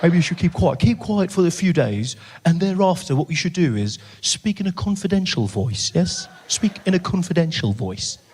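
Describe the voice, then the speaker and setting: Picture a male doctor in a stand-up bit, coaxing a patient with slow, soothing advice as a man puts him on. The voice sits a little high and stays drawn out and gentle. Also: animated, slight background noise.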